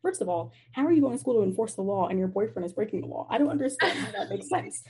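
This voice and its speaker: A young woman on a video call, telling a story about a messy roommate in an animated way, swearing and saying "like" a lot. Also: on the high side, very fast. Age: young adult. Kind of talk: casual chat over video call.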